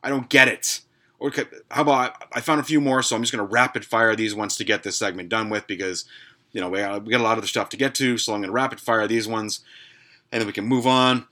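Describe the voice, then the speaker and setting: Bright-voiced man ranting, profane and sarcastic. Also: on the low side, steady tone, fast talker. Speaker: podcast host. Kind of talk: casual ranting monologue.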